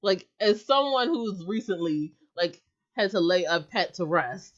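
A woman in a casual chat, talking in an animated, emphatic way. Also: lowish voice, a little slow. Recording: dull lo-fi audio.

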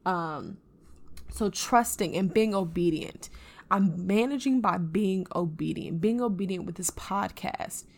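Gravelly-voiced woman, earnest podcast co-host. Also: medium pitch, unhurried. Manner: earnest, animated storytelling. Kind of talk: casual faith podcast chat.

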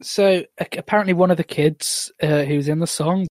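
A man's voice: a little high, steady tone, moderate pace, a little mellow, no echo. Male podcast host, casual and chatty, fillers, dry video call audio. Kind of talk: casual chat.

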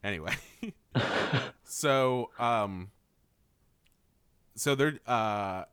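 A man's voice: medium pitch, very slow, clear, resonant tone, no room sound, studio quality. A young man co-hosting a podcast, retelling a cartoon episode in casual chat and laughing often. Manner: laughs often, animated retelling with mock quotes.

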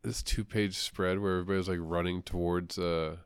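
A man's voice: deep voice, steady tone, a little fast, smooth, dry recording, studio quality. A man co-hosting a podcast in casual chat, joking, laughing and swearing as he talks. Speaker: podcast co-host.

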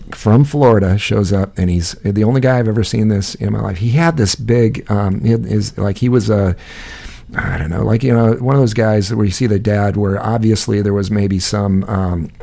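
Gravelly dark-voiced guy rambling thru a story, swears a lot, laughs. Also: on the low side, moderate pace. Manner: rambling, profane, laughs often. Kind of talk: casual storytelling chat.

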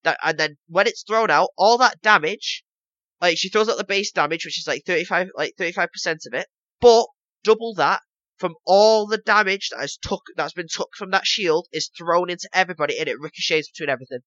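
A man's voice: high-pitched, a little fast, pushed and bright, no room sound, highs cut off. A man co-hosting a casual gaming podcast, rambling and leaning on "basically" and "obviously" as he explains. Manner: rambling, repeats himself, lots of "basically" and "obviously". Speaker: podcast co-host.

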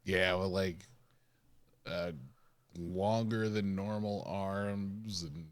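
A man's voice: sits low, fairly even intonation, very slow, clear, resonant tone, no echo. A man co-hosting a podcast, chatting about a TV episode with laid-back, short, dry remarks. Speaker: podcast co-host. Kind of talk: casual chat reviewing a TV episode.

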